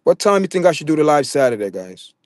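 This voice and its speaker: Jamaican male livestream host, slightly high voice, dry close sound, talks to his chat with stumbling repeats. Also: very animated, fast talker, dry recording. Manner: talks straight to his chat viewers, stammers and repeats words.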